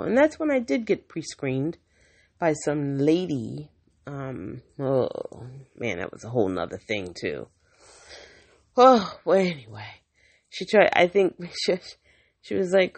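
A woman's voice: low-pitched, animated, a little slow, vocal fry, darkish tone. A woman talking frankly to the camera in a casual monologue, blunt and outspoken, now and then swearing, and acting out the people she quotes as she tells her story. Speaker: vlogger.

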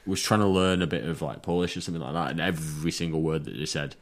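Deep-voiced guy on a podcast, chatty, rambles and laughs a lot. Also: fairly even intonation, fast talker. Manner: laughs often, rambling storyteller. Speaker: podcast co-host. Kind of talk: casual chat.

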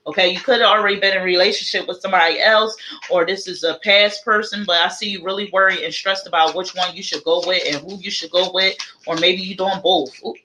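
Bright-voiced woman giving a chatty tarot reading. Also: lowish voice, fairly even intonation, fast, slight background noise, low-quality recording. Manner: chatty, repetitive, thinks aloud while drawing cards. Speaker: tarot reader. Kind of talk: casual live tarot reading.

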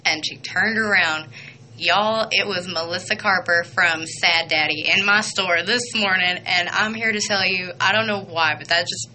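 A young woman hosting a radio show, chatting excitedly and rambling with lots of fillers. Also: on the low side, normal speed, a little hiss or hum, poor audio. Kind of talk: casual chatty radio intro.

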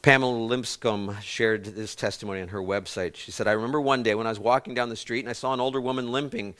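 A man's voice: fairly low pitch, steady tone, fast, fairly bright tone. A man, a pastor, preaching a sermon to a congregation. He tells stories, restarts words mid-phrase, and puts questions to the listeners.

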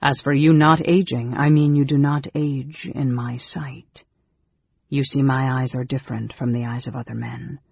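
A man voicing a frail, intense young male mage who speaks low, hushed and half-whispered. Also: little pitch movement, moderate pace, creaky, slightly rough, dry recording, dull audio. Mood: brooding.

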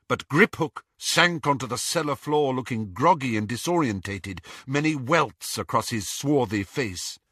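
A man narrating an audiobook at an unhurried pace, his pitch rising and falling with lively expression. His voice is bright and forward, and the recording is close and dry with no room sound. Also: husky, dry recording. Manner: expressive, dramatic reading. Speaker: audiobook reader.

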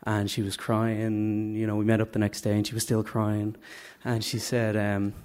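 A man's voice: fairly low pitch, monotone, normal speed, hardly any pauses, a little mellow, clean tone. A man from Dublin with a Dublin Irish accent, telling a funny, self-mocking story live onstage and acting out the voices. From Dublin, Ireland. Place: stage at a live story night.

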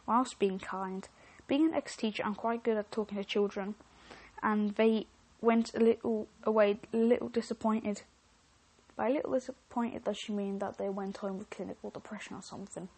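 A woman's voice: mid-range voice, fairly even intonation, normal speed, darkish tone, husky. A woman podcast host reading online stories aloud, with chatty, joking asides and frequent self-interruptions.

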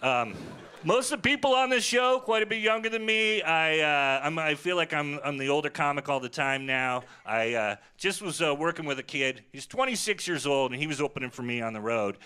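A man's voice: a little high, lively intonation, brisk, sharp tone, clean tone. A man in his forties doing a crude, self-mocking stand-up set on a festival stage. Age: 40s. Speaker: stand-up comedian. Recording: live stage recording with crowd. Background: audience laughter.

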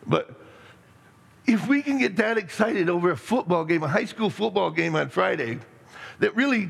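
A middle-aged man preaching a sermon as pastor, rambling and excitable, with many restarts and stammers. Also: high-pitched, gravelly, husky. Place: church sanctuary. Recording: long reverb in a hall.

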